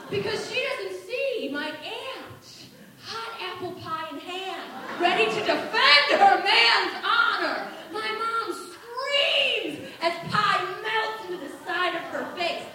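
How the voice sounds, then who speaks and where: A woman telling a family story as stand-up comedy, acting out her relatives in quick changing voices. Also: very high voice, animated, distant mic, a crowd in the background. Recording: echoey room, voice from off-mic.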